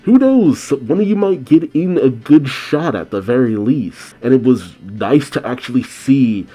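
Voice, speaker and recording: A man's voice: medium pitch, a little slow, breathy edge, soft background music. A man recapping a comic chapter scene by scene with casual asides of his own. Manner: steady storytelling narration with casual asides. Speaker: manga reaction host. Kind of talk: manga chapter recap and commentary.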